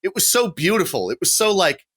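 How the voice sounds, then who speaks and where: Animated bright-voiced man on a podcast. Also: sits high, a little fast, breathy edge. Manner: laughing, animated, profane. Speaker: podcast co-host. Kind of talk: casual chat.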